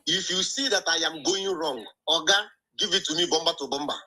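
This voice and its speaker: A man's voice: on the high side, brisk, bright, forceful tone, slightly rough, poor audio. A man with a Nigerian accent co-hosting a live talk show, speaking earnestly in a preachy way.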